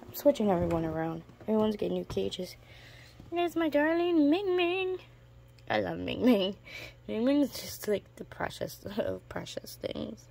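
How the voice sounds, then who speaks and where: A woman talking casually in a vlog as she walks past her reptile enclosures, chatting about her pets and now and then slipping into high baby talk for them. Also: moderate pace, creaky, a little mellow, husky. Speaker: reptile keeper vlogger. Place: indoors in a room full of reptile enclosures.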